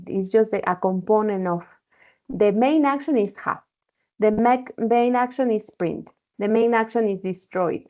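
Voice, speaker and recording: A woman teaching an online English class, explaining patiently and checking in often with "okay?". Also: mid-range voice. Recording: dull lo-fi call audio.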